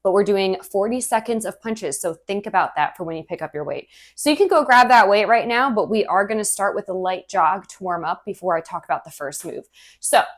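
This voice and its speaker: A woman's voice: mid-range voice, lively intonation, brisk. Upbeat woman coaching a home workout. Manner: upbeat, encouraging, talks while exercising. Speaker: fitness instructor. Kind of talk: workout instruction. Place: home kitchen.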